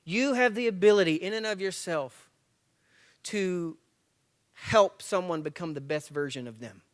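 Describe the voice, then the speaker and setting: This man in his forties has a high voice and an unhurried delivery as he gives a motivational talk to a church men's breakfast as a guest speaker. He tells stories with energy, acts out the dialogue, and jokes about himself.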